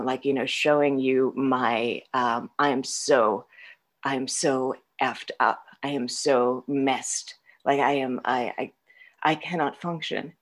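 A woman telling her own story candidly, rambling, mocking herself and laughing often mid-sentence. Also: rumbling low. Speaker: guest sharing a recovery story.

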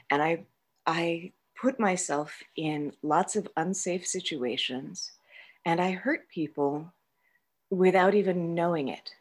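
A middle-aged woman with a low, deep-set voice tells her own story in a candid, conversational way. She mocks herself, laughs often and talks in fillers and restarts. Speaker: guest sharing her recovery story.

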